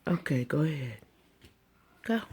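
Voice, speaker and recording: A woman's voice: low-pitched, sing-song, a little slow, a little mellow. An older woman, a grandmother, coaxing and teasing her dog in a casual home video, laughing often.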